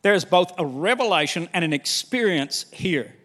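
High-voiced pastor preaching in a hall. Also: male voice, normal speed. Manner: animated preaching that slips into quoted voices. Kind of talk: sermon.

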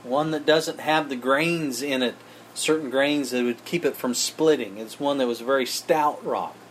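A man's voice: medium pitch, normal speed, slight background noise. A man preaching a sermon, speaking emphatically and addressing his listeners as friends.

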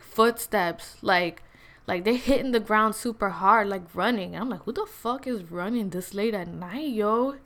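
Young woman, mid pitch, casual storytime, slangy and blunt, lots of fillers. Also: fairly bright tone, smooth.

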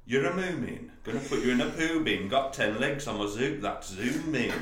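A man's voice: mid-range voice, expressive, moderate pace, fairly bright tone, voice pushed down, natural voice. A man voicing a silly rapper rattling off nonsense rhymes. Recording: echoey room, distant mic.

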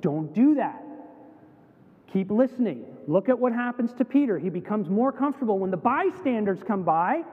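A man's voice: high-pitched, normal speed. A Canadian man preaching a sermon, telling stories and acting out the voices of the people in them. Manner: animated storytelling, acts out quoted voices. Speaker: pastor. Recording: tinny phone-like sound in a reverberant hall.

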